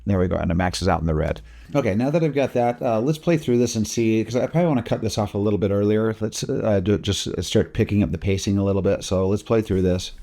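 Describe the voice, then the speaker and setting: A man talking through video editing steps in a casual software tutorial, explaining each click as he goes. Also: on the low side, fast, vocal fry. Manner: casual, talks through each step while working. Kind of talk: screen-recorded software tutorial.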